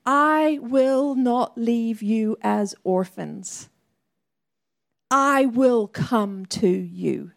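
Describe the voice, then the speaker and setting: A woman preacher speaking the lines of a calm, patient male teacher in a slow, tender, earnest way. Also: high-pitched.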